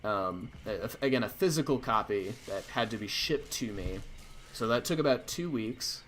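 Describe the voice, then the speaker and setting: A man's voice: on the low side, normal speed, a little hiss or hum. A man hosting a livestream, telling a rambling story full of fillers. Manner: rambling, filler-heavy, animated anecdote. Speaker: stream host.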